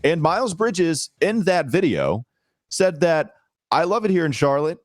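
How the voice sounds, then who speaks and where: A man's voice: a little high, sing-song, a little slow, dry recording, clean studio sound. A man hosting a casual sports podcast, teasing his co-host and laughing often.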